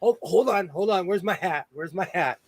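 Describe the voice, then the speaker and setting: Playful, lively man hosting a sewing stream. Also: high-pitched, moderate pace. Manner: playful, exclamatory, laughs often. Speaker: sewing livestream host. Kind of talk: casual livestream chat.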